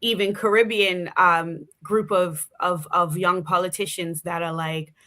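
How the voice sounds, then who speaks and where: A woman's voice: lowish voice, fairly even intonation, unhurried, sharp tone. A woman with a Bermudian accent, talking casually as an interview guest, chatty with many fillers. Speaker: guest politician.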